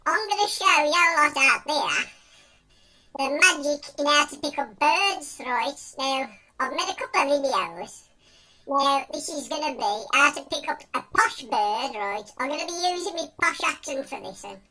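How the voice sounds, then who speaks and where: A man's voice: very high-pitched, lively intonation, a little slow, over music, pitched above the performer's own voice, heavily acted. A man voicing a boastful young Black Country lad with a Black Country accent who thinks he is a babe magnet. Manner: boastful, chatty.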